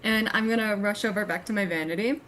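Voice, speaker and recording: A woman's voice: medium pitch, quick pace, fairly bright tone, a little hiss or hum. Giggly woman playing a tabletop game. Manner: giggly, describes actions in first person. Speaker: player. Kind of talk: tabletop role-play.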